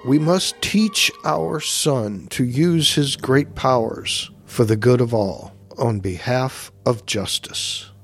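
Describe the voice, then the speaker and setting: A man's voice: mid-range voice, slow, few pauses, a bit bright, slightly rough, faint music behind, heavily acted. A man playing an earnest, solemn farm father.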